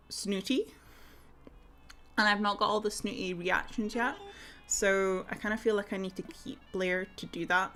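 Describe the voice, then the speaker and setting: A woman's voice: mid-range voice, a bit bright. A woman, chatting to her viewers on a live stream while she plays a game. Her voice sits in an ordinary middle register. She talks in a rambling, giggly way, full of ums, and greets viewers one by one by name. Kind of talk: casual live-stream chat.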